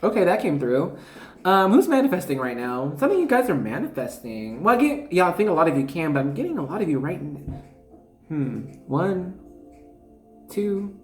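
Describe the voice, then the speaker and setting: A woman giving an intuitive card reading to viewers, chatty and excitable, often trailing off and correcting herself mid-thought. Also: on the low side, normal speed. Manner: addresses viewers casually as y'all. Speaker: tarot reader. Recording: echoey room with faint music.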